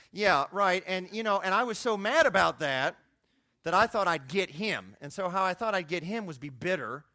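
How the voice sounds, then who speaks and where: A young man preaching a conversational sermon, his voice jumping high when he makes a point. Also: pushed and bright, dry recording, clean studio sound. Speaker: youth pastor.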